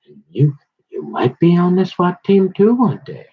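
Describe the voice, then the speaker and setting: A man's voice: on the high side, huge pitch swings, unhurried, slightly rough. A middle-aged man rambling in a folksy, confrontational monologue full of slang, recorded on a dull lo-fi mic. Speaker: vlogger.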